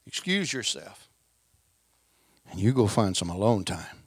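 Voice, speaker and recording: A man preaching a lively sermon in a folksy, emphatic way, swinging between loud stresses and quiet asides. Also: mid-range voice, a little slow, pauses often, dry recording.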